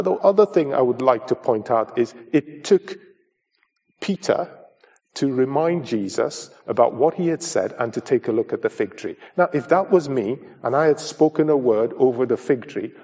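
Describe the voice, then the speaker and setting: An earnest male preacher delivers a sermon in a mellow, darker voice with a husky edge. He is emphatic and direct, talking to his listeners as folks. His pitch sits at an ordinary middle level for a man.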